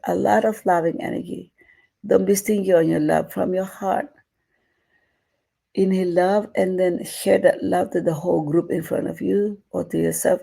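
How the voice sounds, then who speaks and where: A woman leading a guided meditation, talking slowly and gently with many repeated phrases. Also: on the low side, gravelly, slightly rough. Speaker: meditation teacher.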